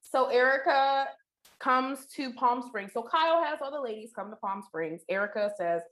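Chatty woman podcast co-host, higher voice. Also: lively intonation, normal speed, fairly bright tone. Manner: chatty, laughs often, slangy. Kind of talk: casual chat.

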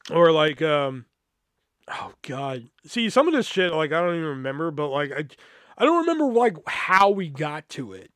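A man's voice, pitched a little high for a guy, spins a loose personal story into a podcast mic. He swears constantly and trails off into fillers and restarts. The sound is close and dry, with no room around it. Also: sing-song, normal speed, fairly bright tone, no echo. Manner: rambling, profane, filler-heavy. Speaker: podcast host. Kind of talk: casual storytelling monologue.

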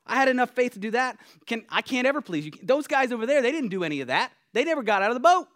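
A man voicing a hurt, indignant Peter who loudly protests in a raised voice. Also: sing-song, normal speed. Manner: high, loud, protesting. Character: indignant, hurt adult male disciple Peter.

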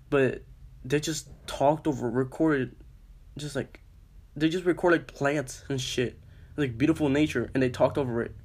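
Young male podcast co-host, slightly high voice, profane and animated storyteller. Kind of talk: casual chat, storytelling.

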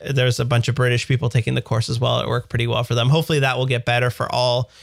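A man's voice: medium pitch, flat delivery, rapid-fire, creaky, dry recording, studio quality. A Canadian man in his thirties co-hosting a podcast, explaining things in an upbeat, jokey way with lots of examples. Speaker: podcast co-host. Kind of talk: casual tech chat.

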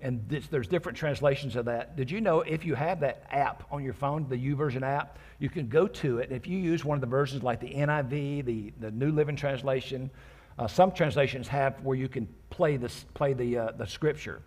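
A man's voice: medium pitch, fairly quick, a little mellow. A male pastor giving a sermon, reading scripture aloud verse by verse and explaining it in a chatty way with joking asides to the congregation.

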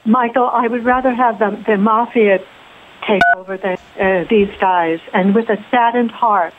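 A woman's voice: mid-range voice, fairly even intonation, moderate pace. A woman calling in to a talk radio show, speaking hesitantly and sounding resigned. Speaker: caller. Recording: tinny phone line with faint hiss.

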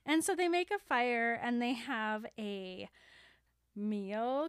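A young woman chats through a movie plot, slipping into the characters' lines as she goes. Her voice sits a bit high and the recording is dry and close, with no room sound. She keeps it loose and chatty, full of "like". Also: takes it slowly, smooth, no room sound. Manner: animated retelling, acting out characters' lines with lots of "like". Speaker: podcast co-host retelling a film. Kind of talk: casual chat, recapping a film plot.

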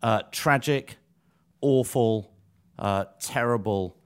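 Male co-host, dry and understated, mid-pitched voice. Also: slow, clean tone. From South London. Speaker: podcast co-host. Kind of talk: comic podcast banter.

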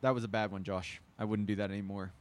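Rambling, animated man in casual chat. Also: on the low side, quick pace, slight background noise. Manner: rambling, animated storyteller who mimics others.

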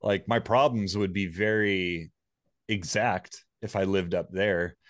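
A man's voice: sits low, fairly even intonation, takes it slowly, fairly bright tone, no room sound, clean studio sound. A man casually telling a personal story, rambling and swearing freely.

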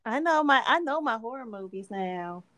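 High-voiced woman in playful chat. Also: animated, moderate pace, pushed and bright, dry recording. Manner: laughs often, playful teasing. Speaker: podcast co-host. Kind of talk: casual chat.

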